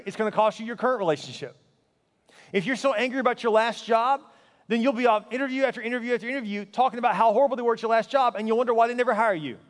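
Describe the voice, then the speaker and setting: A pastor delivers a sermon in an earnest, emphatic voice that is high for a man, now and then dropping into hushed intensity. The long reverb of a large sanctuary rings around him.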